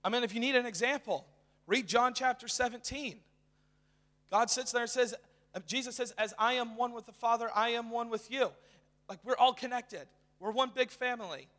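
Young male preacher, high bright voice, casual and excited sermon, long church reverb. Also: normal speed. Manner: casual, excited, with many fillers. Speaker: guest preacher. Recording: reverberant hall.

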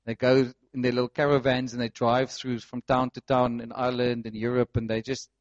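A man preaching a sermon, telling a story with passion and swinging between loud and soft. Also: mid-range voice, level tone, a little fast. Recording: muffled, lo-fi sound.

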